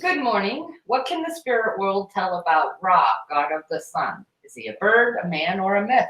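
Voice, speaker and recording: A woman's voice: mid-range voice, sing-song, moderate pace, fairly bright tone, reverberant, poor audio. A woman co-hosting and reading out viewer comments in a brief, matter-of-fact way.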